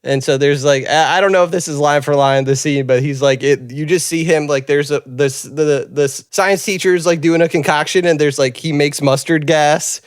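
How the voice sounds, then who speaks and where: A man's voice: a little high, fairly even intonation, normal speed, few pauses, clear, resonant tone, dry recording, clean studio sound. A man co-hosting a podcast in casual chat, telling rambling stories and laughing as he talks. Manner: rambling storytelling, laughs through his words. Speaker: podcast co-host.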